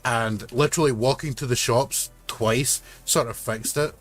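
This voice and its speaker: A man's voice: medium pitch, measured pace, fairly bright tone, soft background music. Rambling man streaming. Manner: rambling, swears casually, many restarts. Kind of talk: casual gaming stream chat.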